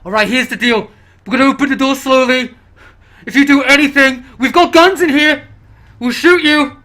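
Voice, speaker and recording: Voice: brisk, lightly acted. A game master voicing a panicky male survivor. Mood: threatening. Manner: shrill, panicky, shouting. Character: terrified male survivor barricaded behind a door.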